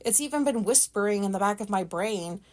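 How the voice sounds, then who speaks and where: A woman hosting a solo podcast, talking loudly and frankly. She rambles and corrects herself as she goes, in an everyday voice of middle pitch. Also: lively intonation, brisk. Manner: chatty, rambling, frank and self-deprecating; loud talker. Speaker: podcast host. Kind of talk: casual solo podcast monologue.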